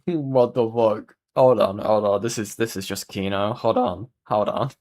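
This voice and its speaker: Brief: streamer, casual reaction talk, easy laughter, frequent swearing, hushed at home. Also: medium pitch, steady tone, unhurried. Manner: laughs a lot and swears freely; keeps voice down to avoid waking others. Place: home, at night.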